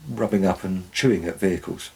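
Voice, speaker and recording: Very deep, husky-voiced man telling stories. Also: a little fast, poor audio. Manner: dry, wry anecdotal storytelling. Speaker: former forest warden. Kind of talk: storytelling narration.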